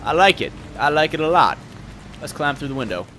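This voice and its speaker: A young man giving casual, excitable gameplay commentary, thinking aloud and swearing. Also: fairly high pitch, fairly quick, slight background noise.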